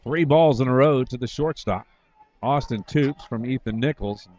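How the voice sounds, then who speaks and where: A man doing brisk, wry radio play-by-play of a baseball game from a booth at the field, correcting himself as he goes. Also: medium pitch, a little mellow, slight background noise. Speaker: play-by-play announcer. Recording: slightly dull lo-fi broadcast audio.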